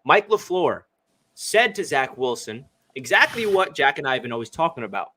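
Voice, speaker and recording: A man hosting a casual sports chat, excitable and quick-talking. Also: medium pitch, a little hiss or hum. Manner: excitable, talks fast. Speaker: podcast host.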